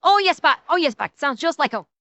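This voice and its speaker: A woman's voice: sits high, expressive, fairly quick, sharp tone, dry recording, heavily acted. A woman voicing a brash, scolding Newfoundland woman with a thick accent and a mocking, sing-song delivery, as part of a streamer reaction rant. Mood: sing-song boast. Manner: mocking, sing-song, heavy dialect slang.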